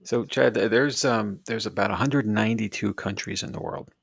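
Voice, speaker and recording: A man co-hosting a podcast, chiming in with quick, joking interjections. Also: fairly low pitch, creaky, slightly rough, dry recording, clean studio sound. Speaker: podcast co-host. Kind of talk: casual chat.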